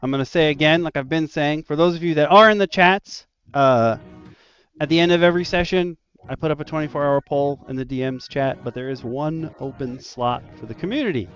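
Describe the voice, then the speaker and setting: A man's voice: a little high, a little fast, fairly bright tone, muffled recording. A man hosting a casual roundtable stream as a dungeon master, rambling and laughing often.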